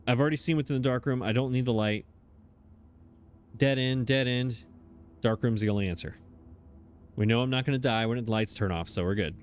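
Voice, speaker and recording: His medium-pitched voice is smooth and fairly quick, though broken by long pauses. Hosting a let's play, the man offers casual gameplay commentary into his desk mic, thinking aloud and laughing at himself.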